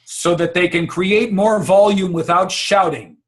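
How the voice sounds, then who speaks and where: Male speaking coach, emphatic, slightly higher voice, on a call. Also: fairly even intonation, a little slow. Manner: confident, emphatic, repeats words. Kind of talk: casual advice on a video call.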